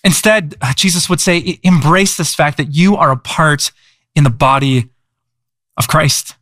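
Pastor with a higher voice, dry close sound. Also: male voice, unhurried, a bit bright, no echo. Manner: conversational, repeats words, asks the audience questions. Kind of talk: sermon. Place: church.

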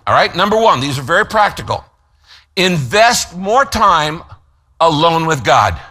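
A man preaching a sermon as pastor, emphatic, slowing down to stress key phrases and telling listeners what to write down. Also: on the high side, sing-song, sharp tone. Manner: gives note-taking instructions to listeners.

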